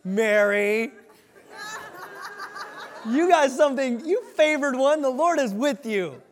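A man voicing an overjoyed male angel who stammers and shouts with excitement, bursting to share good news. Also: takes it slowly, in a large hall, a little hiss or hum, exaggerated voice. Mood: thrilled. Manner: loud, high, laughing, stammering with excitement.

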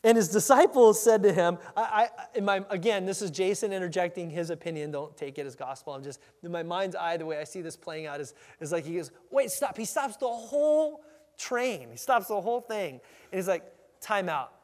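A man with a high voice gives a sermon in a casual, conversational way. He acts out the scene with lively energy as he teaches. His voice carries a long reverb from a large hall. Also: a little fast, few pauses. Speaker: pastor. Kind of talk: expository sermon.

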